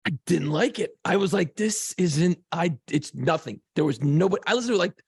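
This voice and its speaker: A man in his fifties co-hosts a podcast in lively, foul-mouthed banter. His voice sits a little high, with a gravelly, husky grain, and the sound is dry and close. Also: fairly quick, no echo. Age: 50s. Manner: animated, swears freely, jokes around. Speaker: podcast co-host. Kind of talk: casual chat.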